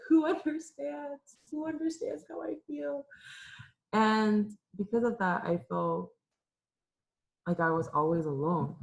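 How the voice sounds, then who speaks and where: A woman's voice: deep voice, poor audio. A young woman from Los Angeles, a youth minister, giving a candid and emotional personal testimony, tearful at times. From Los Angeles, California. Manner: candid and emotional, with many fillers and restarts. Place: church room with an audience.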